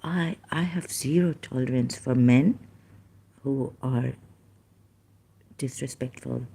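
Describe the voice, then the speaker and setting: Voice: medium pitch, takes it slowly, gravelly, mellow, slightly rough. Agitated, rambling vlogger. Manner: agitated, rambling, with apologetic asides. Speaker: YouTube channel host. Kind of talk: ranting monologue to commenters.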